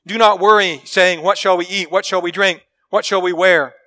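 A male preacher delivers a sermon in a high-pitched, bright voice. He talks earnestly and with emphasis, leaning on key phrases. He often sinks into quiet, intimate tones. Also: steady tone, moderate pace. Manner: earnest, emphatic preaching with dramatic drops to a hush; acts out quoted people in a story.

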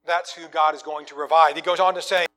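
A man preaching a sermon, swinging from loud, emphatic lines to quiet, low asides. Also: steady tone, fast talker.

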